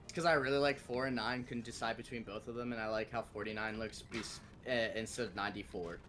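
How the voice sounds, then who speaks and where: A man's voice: fairly low pitch, fairly even intonation, fast, music in the background. Playful young man chatting with a friend. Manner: playful, laughing. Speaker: friend on stream. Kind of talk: casual chat.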